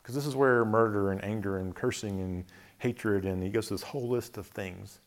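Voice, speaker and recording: A man giving a reflective talk on faith, thoughtful, often chuckling softly and listing words slowly. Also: fairly low pitch.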